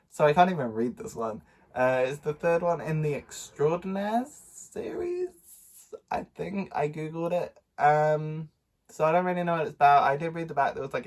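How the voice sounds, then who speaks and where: Nasal, chatty young man vlogging. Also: fairly high pitch. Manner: chatty, rambling with many ums and laughs. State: nasal from a cold. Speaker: book vlogger. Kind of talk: casual book haul vlog.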